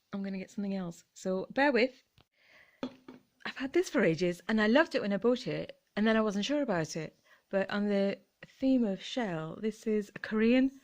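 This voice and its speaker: Giggly, rambling British woman vlogger. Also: mid-range voice. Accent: British English. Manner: chatty, giggly, rambling, trails off mid-thought. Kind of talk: casual chat.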